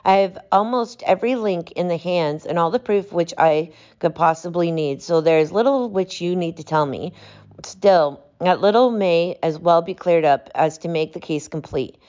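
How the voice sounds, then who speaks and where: A woman reading aloud, voicing a calm, stern male detective who speaks with cutting precision. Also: fairly low pitch, normal speed, highs cut off, natural voice. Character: cool, commanding male detective.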